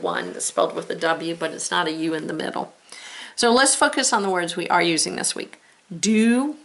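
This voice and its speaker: A woman's voice: lowish voice, creaky, fairly bright tone. A woman teacher giving a patient spelling lesson to young children, sounding words out and reading along with them. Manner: slow, patient, reads along with pupils.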